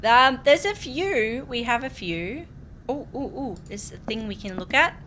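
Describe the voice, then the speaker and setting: Young Aussie streamer, bubbly and giggly, slow relaxed chat, faint hum behind. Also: female voice, on the high side. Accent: Australian. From Australia. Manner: bubbly, giggly, chatty with viewers. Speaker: game streamer. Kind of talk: casual let's-play chat.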